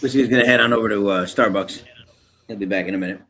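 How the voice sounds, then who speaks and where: A man's voice: fairly low pitch, fast, fairly bright tone. A man joking around in a casual group chat.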